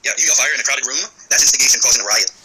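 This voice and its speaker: A man's voice: medium pitch, very fast, crowd noise, poor audio. A man arguing insistently over the phone, agitated and swearing as he presses his case. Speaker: veteran caller. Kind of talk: heated phone call. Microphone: phone call recording.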